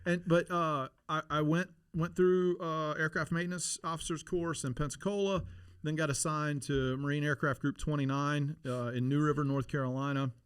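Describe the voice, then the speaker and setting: A middle-aged man telling stories in a casual interview, animated and laughing, with many restarts. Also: a little high, normal speed, clean tone, no room sound. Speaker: podcast guest, former Navy SEAL.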